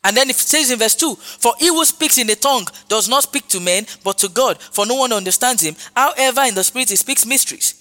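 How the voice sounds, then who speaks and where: Brisk and animated, this man preaches in an extremely high, pushed and bright voice, barely pausing at all. The sermon is emphatic and repetitive, full of hallelujahs, and the recording has long hall reverb with faint music.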